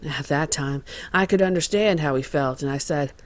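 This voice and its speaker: Guy reading a contractor on the witness stand, plain talk, slightly high voice, dramatized court testimony. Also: normal speed, natural voice.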